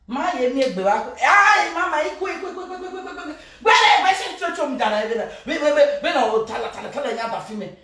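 A woman with a Nigerian accent gives animated gossip commentary, mimicking people, laughing and shouting. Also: a little high. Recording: very echoey room, voice far from mic.

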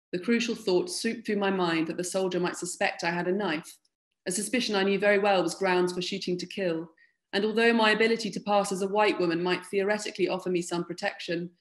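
A woman author from London, reading her own literary fiction aloud in a measured way. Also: lowish voice.

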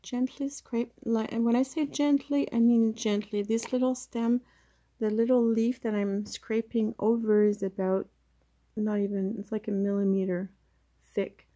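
Chatty, mellow-voiced woman demonstrating plant care. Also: a little high, fairly even intonation, a little slow. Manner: chatty, hesitant, talks while working with her hands. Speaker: plant grower demonstrating propagation. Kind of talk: casual how-to demonstration. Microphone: camera mic, very close up.

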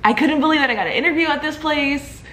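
A young woman in her twenties, a medical student, talking casually to camera with lots of fillers and excited exclamations. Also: sits high, quick pace, slight background noise. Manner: excited and emotional, many fillers like "like" and "oh my God".

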